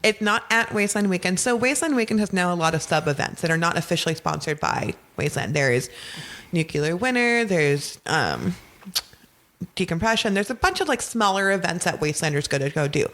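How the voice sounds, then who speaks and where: A woman's voice: fairly low pitch, brisk. A woman guest in casual podcast chat, laughing often and swearing freely as she explains things. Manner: laughing, profane, animated storyteller.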